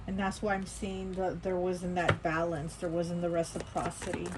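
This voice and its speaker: A woman's voice: fairly low pitch, completely flat delivery, moderate pace, very noisy. A woman giving a casual tarot reading in a rambling, chatty way, with lots of fillers and restarts. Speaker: tarot reader.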